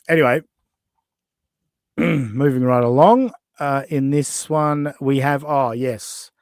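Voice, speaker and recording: A man's voice: mid-range voice, slow, pauses often, dry recording, studio quality. A man with an Australian accent hosting a podcast, chatting casually, mocking and laughing often as he reacts to clips. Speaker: podcast host.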